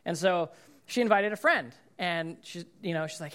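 A male pastor delivering a conversational sermon, his voice sitting a little higher than most men's. He talks casually and keeps checking in with the congregation. He slips into lively voices when he acts out what people said. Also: fairly quick, smooth.

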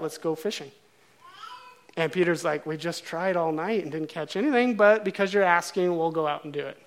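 A man preaching a sermon, telling a story in a casual, animated way and acting out the characters' lines. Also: fairly high pitch.

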